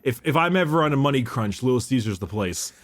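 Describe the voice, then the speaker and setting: A man talking casually on a podcast at a middling pitch. He rambles, laughs often and stumbles over names as he goes. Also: expressive, quick pace. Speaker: podcast co-host. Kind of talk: casual chat.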